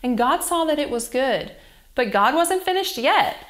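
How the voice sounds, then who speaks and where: A young woman reads a story aloud to children in a gentle, expressive way. Her voice sits a little on the high side. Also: moderate pace. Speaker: children's church teacher. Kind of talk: reading a Bible story to children.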